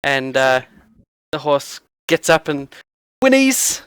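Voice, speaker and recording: A man's voice: a little high, fairly even intonation, normal speed, a bit bright, smooth, dry recording. A man running a tabletop game as game master, narrating with frequent fillers and restarts.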